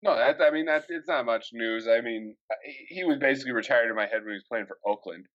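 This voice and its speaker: A man's voice: mid-range voice, quick pace, fairly bright tone. A young man co-hosts a casual sports podcast, laughing often and rattling through team news and player lists. His voice comes through a slightly dull, lo-fi recording. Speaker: podcast co-host.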